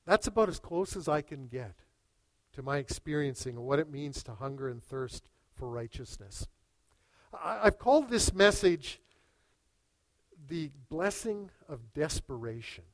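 High-voiced preacher with dramatic swings. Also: male voice, animated, unhurried, no echo, rough recording. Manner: dramatic storytelling, swings from hushed to loud. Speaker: pastor. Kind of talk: sermon.

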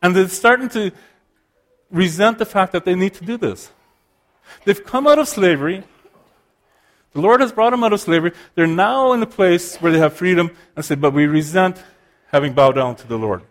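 A man delivering a sermon with a somewhat high-pitched voice. He explains scripture earnestly and restarts phrases as he works through a point. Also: expressive, normal speed, long pauses. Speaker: preacher.

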